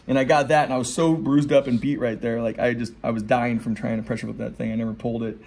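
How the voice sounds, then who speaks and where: Fast-talking gravelly man telling stories. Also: mid-range voice, flat delivery, darkish tone. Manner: rapid, profane, rambling anecdotes with many asides. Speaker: skateboarder and skate shop owner. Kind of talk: casual storytelling. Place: indoors in a skate shop.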